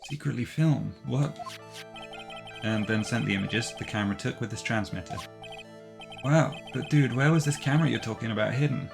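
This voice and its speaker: A man's voice: mid-range voice, normal speed, creaky, lightly acted. A man voicing a laid-back, dismissive young male celebrity who drawls and keeps saying dude, over game music. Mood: casual.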